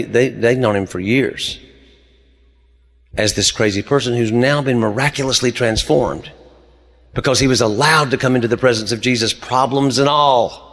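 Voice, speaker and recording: A man's voice: mid-range voice, gravelly, a bit bright. A man, preaching a sermon as pastor and telling stories with rising emphasis. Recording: long hall reverb.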